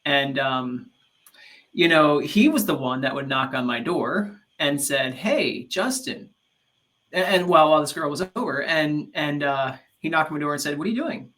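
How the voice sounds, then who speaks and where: A man with a bright, ringing voice that sits a little high, co-hosting a relaxed faith-focused talk show. He tells his stories with animation and keeps stopping to restart his sentences. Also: normal speed. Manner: animated storyteller, many restarts. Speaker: podcast co-host. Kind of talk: casual faith-based chat.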